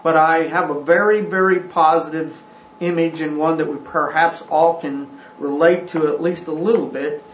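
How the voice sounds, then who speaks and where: A man teaching a scripture class. He talks haltingly, with frequent ums and restarts. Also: a little high, steady tone, slight background noise. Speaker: religious teacher. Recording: roomy, dull recording.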